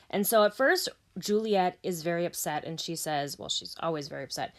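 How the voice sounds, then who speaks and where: A woman's voice: fairly low pitch, fairly quick, few pauses. A woman teacher retelling a play scene in plain, casual words as a lesson.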